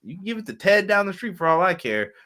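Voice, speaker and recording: A man's voice: high voice, big pitch swings, fast, bright, forceful tone. A male co-host, chatting casually and animatedly on a live wrestling stream, often exclaiming and swearing.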